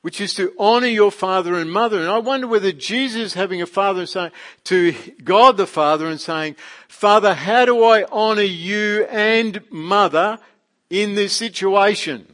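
A man preaching a casual sermon, animated and full of rhetorical questions. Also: high voice, moderate pace. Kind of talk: conversational sermon.

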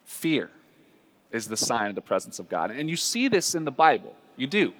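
A man preaching a sermon as a pastor, earnest and conversational, with drawn-out dramatic pauses. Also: mid-range voice, sing-song, fairly bright tone. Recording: long hall reverb.

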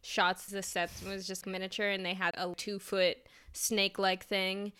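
A woman co-hosting a casual film podcast, telling stories in an animated way with lots of asides. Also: mid-range voice, normal speed, smooth. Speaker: podcast co-host. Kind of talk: casual chat about films.

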